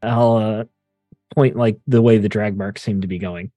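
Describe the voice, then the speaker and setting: A man's voice: on the low side, steady tone, normal speed, mellow, no echo, faint music behind. A man playing a tabletop game, giving short, casual replies in and out of character. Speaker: player.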